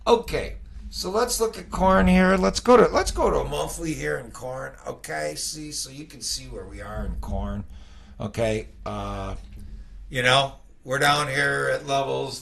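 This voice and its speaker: A middle-aged man with a gravelly, fry-laden voice talks through trading charts in a loose, rambling way. He keeps tossing in "okay?" as he points out levels and closes, like a floor trader teaching at his desk. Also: medium pitch, a little slow, fairly bright tone, a little hiss or hum. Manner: rambling, conversational, peppered with "okay?". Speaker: futures trading educator. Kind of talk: casual chart walkthrough.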